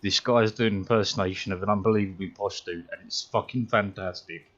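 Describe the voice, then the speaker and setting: Sweary British streamer, low-voiced. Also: male voice, steady tone, brisk, lo-fi sound. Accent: British English. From Britain. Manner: sweary, self-mocking, chatty. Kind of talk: casual gameplay commentary.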